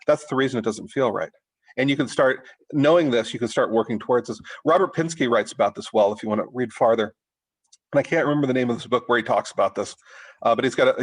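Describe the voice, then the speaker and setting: A middle-aged man leading an informal writing workshop, talking in a halting way with many restarts and fillers. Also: mid-range voice, husky, low-quality recording. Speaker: writing teacher.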